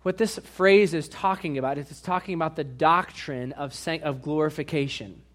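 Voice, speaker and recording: The pastor, a man whose voice is notably high, alternates between hushed confessions and loud, slowed-down stress on key points. He keeps turning to his congregation to ask them questions directly.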